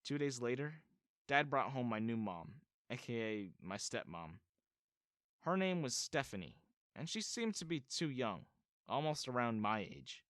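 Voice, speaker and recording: A man narrating an animated story in the first person, telling it expressively. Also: mid-range voice, a little slow, no echo, clean studio sound.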